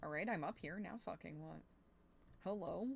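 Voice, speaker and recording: A woman's voice: on the low side, normal speed, vocal fry, a little hiss or hum. A young woman streamer chatting casually while playing a game, thinking aloud and swearing now and then. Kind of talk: casual gameplay chat.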